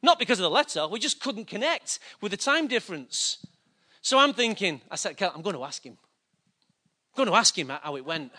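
A man's voice: high voice, sing-song, brisk, bright, forceful tone. A middle-aged man preaching a sermon, telling a personal story in a chatty, self-mocking way. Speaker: pastor.

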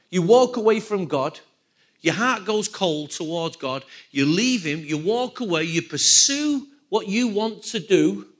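A man preaches with lively energy. His voice sits high and rings bright. He repeats his key phrases and keeps asking the congregation questions. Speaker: pastor. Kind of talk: sermon.

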